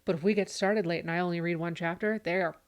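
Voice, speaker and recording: A woman in her thirties chatting on a podcast, telling animated stories and acting out her kids' voices. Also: lowish voice, fast talker. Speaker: podcast co-host. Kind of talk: casual chat.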